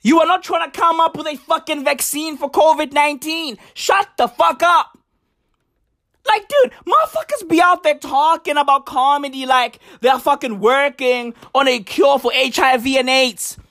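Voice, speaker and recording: A woman's voice: sits high, normal speed, a bit bright. A woman comedian delivering a profane, emphatic stand-up rant, hammering her points with repetition.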